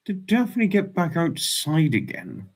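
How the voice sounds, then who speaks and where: A man's voice: a little high, huge pitch swings, normal speed, husky. A man hosting a casual livestream, reading chat messages aloud and reacting with frequent laughs.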